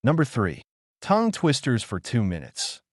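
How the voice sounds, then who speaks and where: A man reading a self-help audiobook in a measured, emphatic instructional manner. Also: mid-range voice, wildly swooping pitch, no echo, studio quality. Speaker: audiobook narrator. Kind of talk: scripted audiobook narration.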